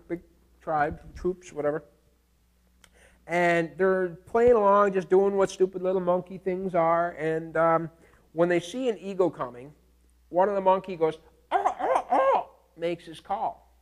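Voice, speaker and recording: Male instructor, light high voice, relaxed classroom lecture, animated storyteller who keeps asking "all right?". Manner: animated storytelling, acts out screams and animal calls; casual, checks in with "okay?" and "all right?". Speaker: teacher.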